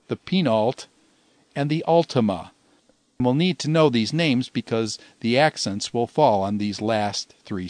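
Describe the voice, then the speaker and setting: A man's voice: mid-range voice, darkish tone, no room sound. Patient man teaching, dry close sound. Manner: patient, slows down to sound out example words. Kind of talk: recorded language lesson.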